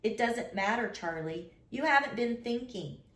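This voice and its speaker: Woman doing a tired strict dad lecturing, slow and serious, roomy echo. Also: on the high side, expressive, fairly bright tone, voice pushed up. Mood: stern. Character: tired, stern middle-aged father.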